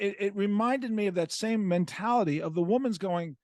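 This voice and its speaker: A man in his sixties hosts a relaxed interview, asking direct questions with plain enthusiasm. His voice sits a bit high and sounds close and dry, with no room echo. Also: a little fast. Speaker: host. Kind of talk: casual interview conversation.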